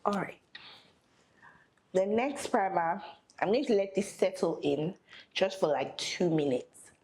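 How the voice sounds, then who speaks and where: A woman's voice: medium pitch, animated, a little slow, a little mellow, a little hiss or hum, poor audio. A young woman chatting casually while doing her makeup. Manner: chatty, thinking aloud while applying makeup. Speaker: makeup artist vlogger. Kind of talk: casual get-ready-with-me chat.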